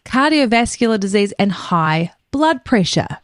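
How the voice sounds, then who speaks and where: A woman's voice: medium pitch, sing-song, measured pace, no room sound, studio quality. A woman co-hosting a podcast, telling a story in a gossipy, casual way and swearing freely. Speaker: podcast co-host.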